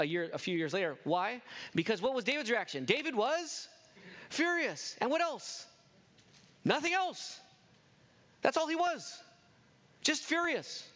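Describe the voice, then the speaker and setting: A man's voice: high voice, fairly bright tone. A middle-aged man preaching a sermon as a pastor, earnest, often asking the listeners questions.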